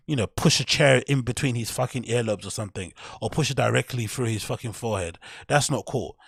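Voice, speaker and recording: A man's voice: mid-range voice, brisk, gravelly, a bit bright, slightly rough, dry recording, studio quality. A man hosting his podcast, ranting in a casual, profane, heated and rambling way. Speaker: podcast host. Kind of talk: casual commentary rant.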